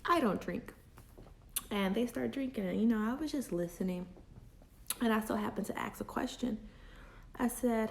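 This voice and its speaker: A woman's voice: fairly high pitch, moderate pace, gravelly, long pauses. A woman hosting a women's chat, telling a personal story in a candid, confiding and emotional way, with faith woven in.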